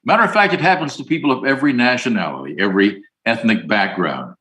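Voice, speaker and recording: A man giving a conference acceptance speech in a folksy way, answering imagined objections and repeating a hotline number slowly. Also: medium pitch, sing-song, fairly bright tone, rough recording. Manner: folksy, plays both sides of an imagined dialogue.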